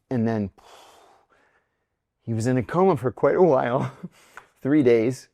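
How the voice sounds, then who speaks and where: A man's voice: medium pitch, measured pace, long pauses, warm tone, no room sound, studio quality. A middle-aged man, a former intelligence officer, telling a personal story in a podcast interview, acting out the voices of the people in it.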